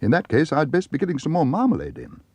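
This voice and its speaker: A man voicing a brisk, fussy, no-nonsense housekeeper woman in a storybook reading. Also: on the high side, wildly swooping pitch, a little mellow, breathy edge, no echo, voice pushed up, exaggerated voice.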